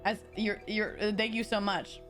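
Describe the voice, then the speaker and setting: A woman's voice: mid-range voice, steady tone, moderate pace, a bit bright, faint music behind. A woman streamer chatting casually while playing a story game, giggly and talking to her chat.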